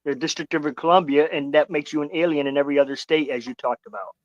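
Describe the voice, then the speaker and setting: Man, quick speech, higher voice, muffled call audio. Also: no room sound.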